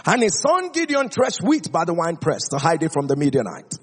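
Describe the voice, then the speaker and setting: A man preaching a sermon, reading scripture aloud in a dramatic, declamatory way that swings high and low. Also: sing-song, brisk, husky, in a large hall.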